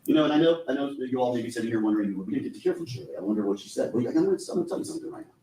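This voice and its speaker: A man's voice: mid-range voice, big pitch swings, very fast, mellow, slight background noise. A man giving a closing argument in a courtroom, urgent and insistent, repeating key points to the jury. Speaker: defense attorney. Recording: echoey courtroom audio from a distance.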